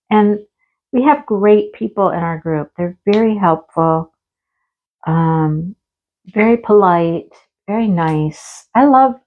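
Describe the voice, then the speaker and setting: A woman's voice: fairly low pitch, darkish tone, highs cut off. A woman vlogger chatting casually and rambling while she works on a diamond painting. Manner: chatty and rambling, with fillers and asides. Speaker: crafting vlogger.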